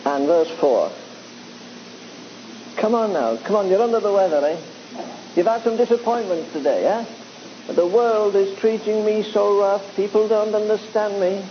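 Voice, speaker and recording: A man's voice: sits high, unhurried, long pauses. A man preaching to a live congregation in a church, conversational and exhorting, teasing his listeners. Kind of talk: sermon. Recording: dull lo-fi recording with faint hiss.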